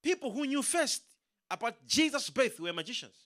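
A man preaching a sermon, animated, repeating his words and acting out the people he quotes. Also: extremely high pitch, normal speed.

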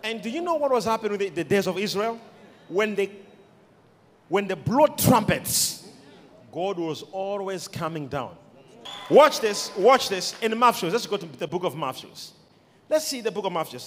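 A man preaching a sermon, emphatic, with sudden shouted peaks and quiet asides, recorded in an echoey church hall. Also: sits high, very animated, moderate pace.

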